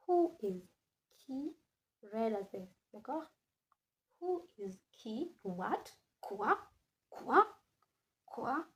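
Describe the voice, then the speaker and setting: Woman teacher going slow in a classroom, fairly high voice, says every word over and over, switches english and french. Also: dull audio. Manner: slow, repeats words many times, mixes English and French. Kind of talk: classroom lesson.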